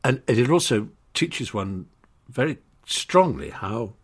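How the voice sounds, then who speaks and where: A man's voice: lowish voice, husky. An older man with an English accent, talking in an articulate, anecdotal way as an interview guest, often restarting his phrases. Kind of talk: conversational storytelling.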